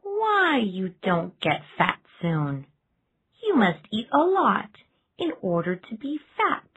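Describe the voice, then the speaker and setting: Storybook hag: shrill, wheedling old crone, strained timbre, a male narrator puts her on; lo-fi tinny audio. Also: big pitch swings, slow pace, full character voice. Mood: scolding. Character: dreadful old hag, greedy and scolding. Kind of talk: storybook reading.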